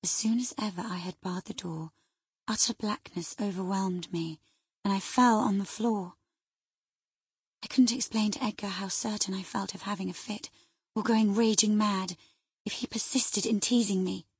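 A woman's voice: medium pitch, steady tone, moderate pace, breathy edge, dry recording, studio quality. A woman reading the part of a feverish, frightened young noblewoman, with anxious, breathless lines that often drop to a whisper. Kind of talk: audiobook character reading.

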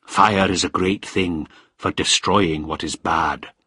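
A man voicing a dependable, grim male villager who speaks slowly and gravely in a storybook. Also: low-pitched, steady tone, pushed and bright, dry recording, clean studio sound, full character voice.

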